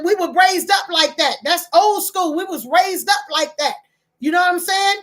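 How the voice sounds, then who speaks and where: Emphatic high-voiced woman host. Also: normal speed, pushed and bright. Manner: passionate, emphatic, rising in pitch when outraged. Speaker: online talk show host. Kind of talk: casual commentary to viewers.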